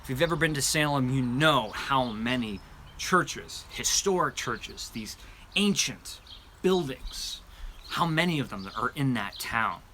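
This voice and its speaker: A man's voice: mid-range voice, expressive, measured pace, pushed and bright, slight background noise. A man hosting a live show-and-tell about candles, talking in a chatty, rambling way with many fillers, eagerly describing scents. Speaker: candle review channel host.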